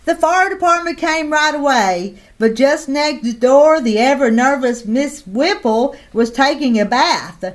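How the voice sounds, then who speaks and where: Lady reading a kids' picture book out loud, slow pace, high voice. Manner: slow, expressive read-aloud. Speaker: storyteller.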